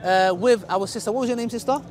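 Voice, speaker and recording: A man hosting, talking casually to camera outdoors in a halting, conciliatory way. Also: high-pitched, darkish tone. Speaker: host, debater. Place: outdoor public park. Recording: crowd noise outdoors.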